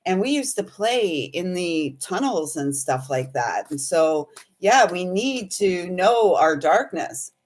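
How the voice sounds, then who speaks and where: A woman's voice: fairly low pitch, animated, slow, few pauses. A woman hosting a casual spiritual livestream, chatting and rambling while reading viewer comments aloud. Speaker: spiritual host and intuitive reader.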